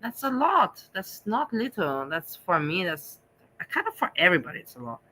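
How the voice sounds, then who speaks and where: Middle-aged female host, confessional and repetitive, bright edge to the voice. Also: on the low side, sing-song, normal speed, breathy edge, rough recording. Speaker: vlog host. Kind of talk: candid casual chat.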